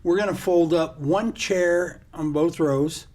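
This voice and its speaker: Husky, animated male storyteller. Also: fairly high pitch, slow. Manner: animated storyteller, laughs often. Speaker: podcast co-host. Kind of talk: casual chat.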